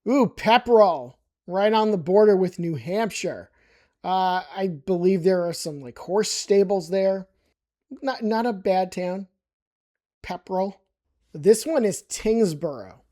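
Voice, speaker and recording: A person from New York casually explaining place-name pronunciations, wry and emphatic, repeating words slowly for emphasis. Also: medium pitch, lively intonation, dark tone.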